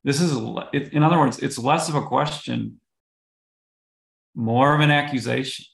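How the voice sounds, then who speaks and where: A male pastor co-hosting a bible study podcast, his voice heavily gravelly with a strong fry. He explains earnestly, often restarting his sentences. The room adds a noticeable echo. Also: mid-range voice, normal speed.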